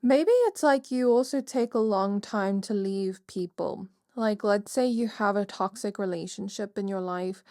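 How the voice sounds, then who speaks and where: A woman's voice: medium pitch, unhurried, few pauses, dark tone, dry recording, clean studio sound. A woman giving a casual pick-a-card tarot reading, musing aloud with many fillers. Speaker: tarot reader.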